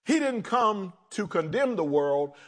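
A man preaching a sermon as pastor, animated, swinging between loud emphasis and quiet asides. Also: high voice, unhurried.

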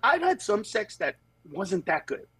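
A man, a comedian guest, telling stories in casual chat, animated and acting out other people in high voices, then turning earnest. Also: a little slow, background noise. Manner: turns earnest and reflective. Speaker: comedian guest on a talk show.

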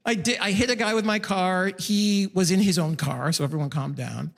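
A man doing a stand-up comedy set on stage, animated and exclamatory, acting out his own reactions. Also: high-pitched, normal speed, vocal fry. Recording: live room with long reverb.

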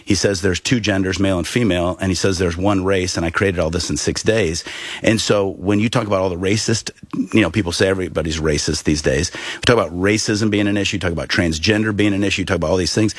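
A pastor speaking as an interview guest, earnest and emphatic, with a preaching tone. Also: male voice, low voice, fairly even intonation, fast talker, husky, no room sound.

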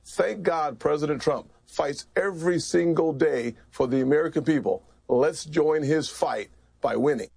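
A man with a high, gravelly voice delivers an emphatic political speech in short, declaratory bursts. His tone is husky, with plenty of vocal fry, and the recording sounds dry and close. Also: moderate pace, hardly any pauses, a little mellow, no room sound. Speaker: senator.

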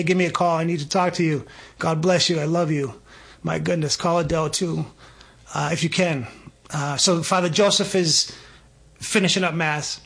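A guest with a higher, slightly bright male voice tells a personal story with lots of energy. He stammers and restarts, acting out the dialogue in animated storytelling.

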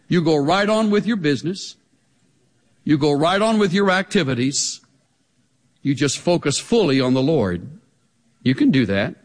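A high-voiced male pastor preaches a sermon in an animated style, firing off rhetorical questions. The recording carries a long hall reverb.

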